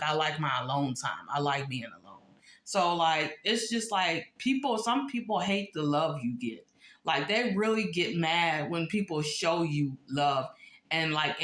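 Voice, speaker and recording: A woman's voice: low voice, a bit bright. Chatty woman vlogging in an echoey room. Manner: chatty, filler-heavy, repeats "like". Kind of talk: casual talk to camera.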